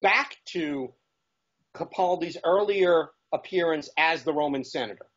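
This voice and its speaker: A man with a fairly high voice, chatting as a guest on a talk show. He talks eagerly and rambles, restarting his sentences as he goes. The sound is dull and lo-fi. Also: measured pace, a bit bright. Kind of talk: casual chat.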